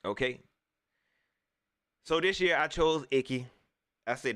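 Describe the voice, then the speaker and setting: A man from the States, giving an animated, preachy fan rant that repeats its points in slangy talk. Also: mid-range voice, a little slow, long pauses, smooth. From Southern United States. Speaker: sports vlogger, fan commentator. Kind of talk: ranting fan commentary.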